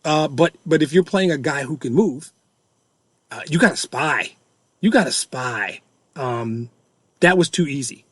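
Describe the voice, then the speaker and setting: A middle-aged man hosts a sports fan podcast in an exasperated rant, circling back to the same complaints again and again. His voice sits a little higher than most men's. The sound is dry and close, with no room echo. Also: measured pace, long pauses, breathy edge. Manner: exasperated, repetitive, ranting. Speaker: podcast host.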